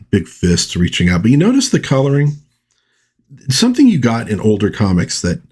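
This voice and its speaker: A man's voice: on the low side, darkish tone, breathy edge. A man giving a casual comic book review, chatty and rambling with wry asides. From United States.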